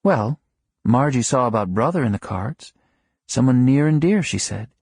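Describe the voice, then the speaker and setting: A man reading an audiobook, voicing a fond small-town wife who coaxes and gently scolds her husband. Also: medium pitch, lively intonation, normal speed, breathy edge, no room sound, studio quality. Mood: teasing. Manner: light, coaxing and chiding.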